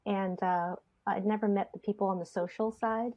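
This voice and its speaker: A woman's voice: mid-range voice, fairly even intonation, moderate pace, a little mellow. A woman hosting a podcast in casual chat, rambling along with lots of fillers. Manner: chatty, rambling with many fillers. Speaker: podcast host. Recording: slightly dull lo-fi sound.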